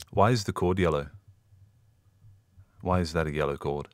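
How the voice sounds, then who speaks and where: A man's voice: extremely low pitch, moderate pace, a little hiss or hum. A man playing a fussy, self-absorbed voice actor in a comedy sketch who fusses over small things in the booth and overplays his takes.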